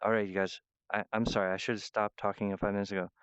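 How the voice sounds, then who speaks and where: A man with a low, smooth voice delivers a rambling monologue straight to his viewers. He keeps apologizing and jumping between ideas. The sound is dry and close, with a dull, lo-fi quality. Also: level tone, fast talker, dry recording. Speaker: self-styled wizard pitching himself.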